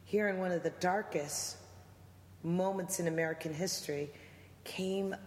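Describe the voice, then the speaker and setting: A woman's voice: lowish voice, steady tone, normal speed, a little mellow, a little hiss or hum. A woman guest in a conversational interview, talking reflectively and preacher-like about faith and music. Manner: reflective, preacherly, quotes scripture. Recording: echoey room with long reverb and faint ambience.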